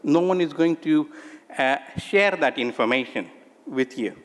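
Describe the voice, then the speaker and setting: A man's voice: fairly high pitch, lively intonation, unhurried. A middle-aged man from India, giving a conference talk of advice, hesitant with many ums and uhs. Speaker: conference speaker, psychiatrist working in the UK. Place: conference hall. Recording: echoey conference hall with long reverb.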